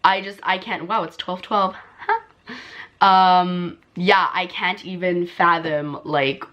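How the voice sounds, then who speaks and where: A young woman vlogger telling a story in casual, filler-heavy chat, her voice jumping high when she relives excitement. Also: slow pace, highs cut off. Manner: chatty, full of "like" and "um" fillers.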